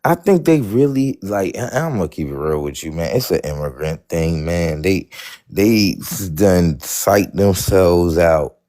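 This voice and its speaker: A man with a low-pitched voice talks in a blunt, slangy way. He is from the United States and is chatting casually as the host of a podcast. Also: animated, unhurried, dark tone. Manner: blunt, slangy, speaks his mind. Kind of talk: casual chat.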